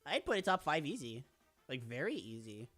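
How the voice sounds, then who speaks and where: A man's voice: medium pitch, very animated, moderate pace, pushed and bright, soft background music. A man streaming live in casual chat, rambling playfully with lots of "like" and restarts while he answers viewers.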